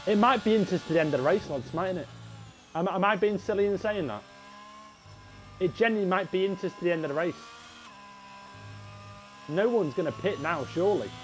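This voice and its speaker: A young Englishman calls a live sim race in a bright, high voice, chatty and quick to get excited. He talks straight to his viewers as mates. A faint hiss of noise sits behind him. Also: low-quality recording. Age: young adult. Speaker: race commentator. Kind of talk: live sim racing commentary.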